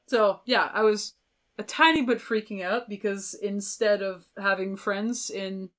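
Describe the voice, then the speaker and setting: A woman's voice: mid-range voice, measured pace. A young woman, a violinist guest on a podcast, telling stories in casual, chatty talk full of filler words. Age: young adult. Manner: chatty, lots of filler words, animated storytelling. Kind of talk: casual interview chat.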